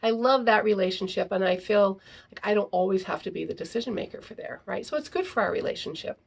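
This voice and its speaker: Gravelly-voiced woman teaching parents. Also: medium pitch, fast talker. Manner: frequent "right?" tags, reads aloud from a book. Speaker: parenting podcast host. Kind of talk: casual teaching talk.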